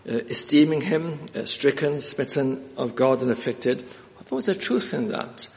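A man preaching a sermon in an earnest, halting way, with many fillers and restarts. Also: medium pitch, vocal fry. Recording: reverberant hall, dull lo-fi sound.

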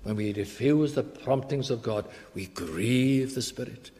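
A man preaching a sermon in an earnest, emphatic way, slowing down to stress key phrases. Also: mid-range voice, mellow, in a large hall.

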